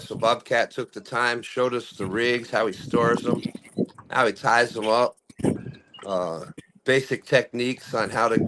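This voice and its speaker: Chatty fishing host on a noisy stream. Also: male voice, mid-range voice. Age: middle-aged. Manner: chatty, laughs often, rambling storyteller. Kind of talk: casual live chat.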